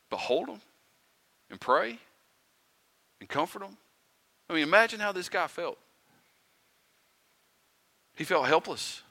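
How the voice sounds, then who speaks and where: Guy preaching in church, bright sharp voice, drops quiet then gets loud, asks lots of questions. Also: a little high. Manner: conversational preaching, rhetorical questions, dramatic quiet and loud swings. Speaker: pastor. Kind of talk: sermon. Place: church sanctuary.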